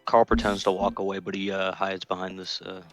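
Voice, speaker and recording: A man playing in a tabletop game, quickly narrating his character's actions. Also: sits low, flat delivery, soft background music. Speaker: player. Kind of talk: casual tabletop game play.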